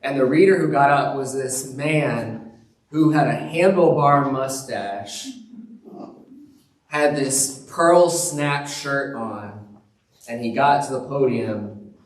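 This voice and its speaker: A male pastor giving a sermon in a relaxed, conversational storytelling way, with chuckles along the way. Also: medium pitch, takes it slowly. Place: church sanctuary. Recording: roomy church sound from a distance.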